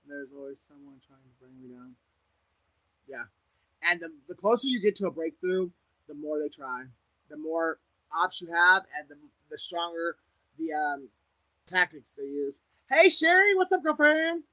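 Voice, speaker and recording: A man's voice: fairly high pitch, normal speed, pauses often, sharp tone, dry recording, low-quality recording. A man hosting a casual livestream as a psychic reader, speaking candidly to viewers with frequent laughs and religious conviction.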